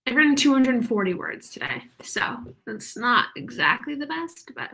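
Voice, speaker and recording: A woman's voice: on the high side, big pitch swings, normal speed, vocal fry, sharp tone. A woman hosting a writing livestream, chatting casually and a little out of breath, with lots of laughs and "like". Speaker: livestream host of writing sprints. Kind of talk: casual chat reading live comments.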